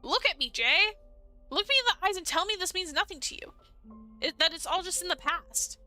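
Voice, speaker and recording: A woman's voice: very high voice, animated, brisk, sharp tone, no room sound, faint music behind, voice pushed up, heavily acted. A woman voicing a heartbroken young man in a dating game, earnest and pleading.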